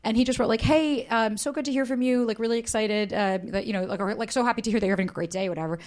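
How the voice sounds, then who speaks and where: A woman dating coach speaking as a podcast guest, telling stories in a lively way, acting out quotes and swearing freely. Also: on the high side, rapid-fire. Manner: animated storyteller, acts out quotes, swears freely. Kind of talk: candid podcast interview.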